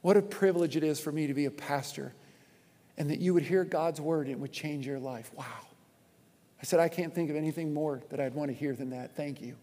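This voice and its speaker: A man preaching a sermon as pastor from a church stage, animated and repeating his points for emphasis. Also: a little high, fairly quick. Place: church auditorium with long reverb. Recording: long hall reverb.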